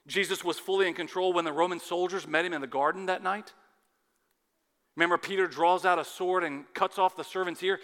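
A man preaching a sermon with dramatic swings between loud urgency and hushed intensity. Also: high-pitched, steady tone, a little fast. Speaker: pastor. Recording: long hall reverb.

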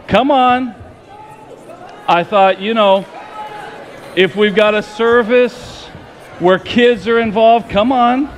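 A middle-aged man preaching a playful Christmas sermon as pastor, talking straight to his congregation. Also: sits high. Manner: playful, addresses the congregation directly. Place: church sanctuary with congregation. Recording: long hall reverb, audience noise.

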